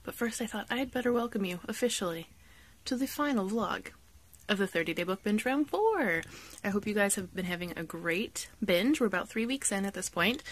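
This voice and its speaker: A woman chatting to camera in a casual vlog, upbeat and self-mocking as she runs through her plans for the day. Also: mid-range voice. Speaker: book vlogger.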